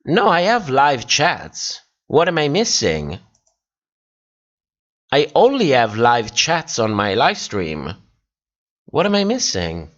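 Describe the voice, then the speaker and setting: A tired man hosts a livestream, drifting through viewer comments at an unhurried pace. His pitch rises and falls a lot as he chats, and he breaks into laughter often. The sound is dull and lo-fi, like typical stream audio. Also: wildly swooping pitch, a bit bright. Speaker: livestream host. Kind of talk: casual chat reading live comments.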